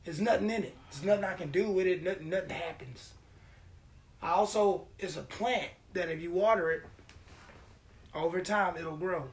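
A man hosting a podcast, telling a story in a casual, profane, animated way and acting out the quotes. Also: high voice, moderate pace. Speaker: podcast host.

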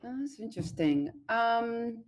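An American woman doctor giving measured, explanatory interview answers, pausing often with "um". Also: a little high, lively intonation. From United States. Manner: measured, hedging with frequent ums. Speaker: guest expert doctor.

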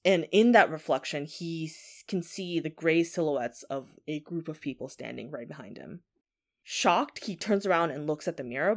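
A woman tells a ghost story in a relaxed, conversational way. She often says 'like' as she talks. Her voice sits a little low. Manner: chatty, filler 'like' often. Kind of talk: casual spoken ghost story.

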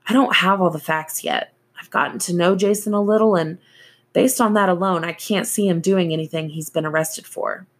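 Woman voicing a gentle male ex-cop. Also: lowish voice, moderate pace, breathy edge. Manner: soft, steady, coaxing.

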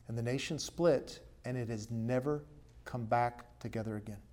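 A male pastor preaching to his congregation, his mid-pitched voice steady and ordinary. He swings between emphatic, louder stresses and quiet, earnest drops. Now and then he puts a question to the people in the pews. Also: moderate pace. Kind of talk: sermon and closing prayer.

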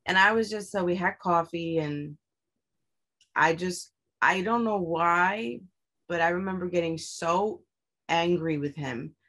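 A woman's voice: lowish voice, unhurried, a bit bright. A young adult woman telling a personal story in a candid, blunt way, swearing often and pressing her points with emphasis.

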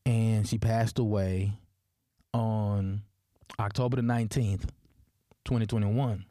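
A man's voice: on the low side, steady tone, slow, dark tone, no echo. Memphis-accented man in a dry room. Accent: Southern US, Memphis. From Memphis, Tennessee. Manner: storytelling, many fillers and restarts, asks "right?". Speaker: podcast host. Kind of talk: personal podcast monologue.

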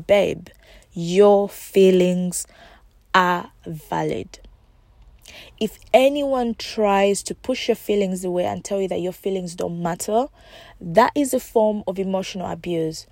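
A woman talks alone on her podcast, coaching her listeners and returning to the same reassuring points again and again. Her voice is soft and mellow at a middling pitch. The sound is dry and close, with no room around it. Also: no room sound. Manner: encouraging, repetitive, speaks directly to listeners. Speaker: podcast host and life coach. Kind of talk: casual solo podcast talk.

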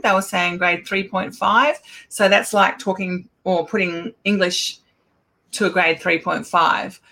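A middle-aged woman, an Auslan educator giving a casual talk with lively anecdotes and acted-out exchanges. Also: fairly low pitch. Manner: animated storyteller, acts out quoted exchanges.

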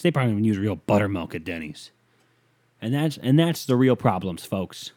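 Low-voiced, profane, rambling podcast host man. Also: brisk, no echo. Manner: profane, rambling, deadpan, mumbling asides. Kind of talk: casual solo podcast rant.

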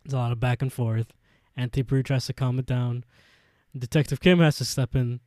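A man's voice: mid-range voice, steady tone, moderate pace, darkish tone, no room sound. A man co-hosting a podcast, recapping an episode in a laid-back way, laughing often and swearing casually. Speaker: podcast co-host.

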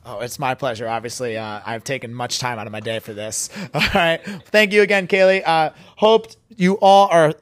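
A man's voice: mid-range voice, moderate pace, few pauses, dry recording. Joking New England man, dry close sound. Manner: joking, teasing, animated. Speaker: podcast host. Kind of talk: casual podcast interview. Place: fitness gym.

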